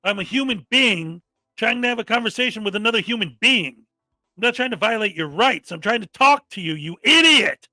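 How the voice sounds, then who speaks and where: A man's voice: sits high, lively intonation, a little fast, bright, forceful tone, dry recording, faint music behind. A man hosting a reaction commentary show, talking in an exasperated, mocking rant and often mimicking people angrily. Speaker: commentary host.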